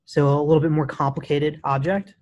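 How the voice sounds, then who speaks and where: Brief: male coding instructor, relaxed classroom lecture, talks while typing. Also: a little high, fairly quick, highs cut off, a little hiss or hum. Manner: casual, many restarts, says "right?" often.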